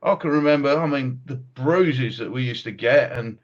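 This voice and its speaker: A middle-aged man hosting a podcast, chatting casually and telling animated stories with frequent laughs. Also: mid-range voice, moderate pace, lo-fi sound. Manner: animated storyteller, laughs often. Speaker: podcast host, martial arts coach. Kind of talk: casual chat.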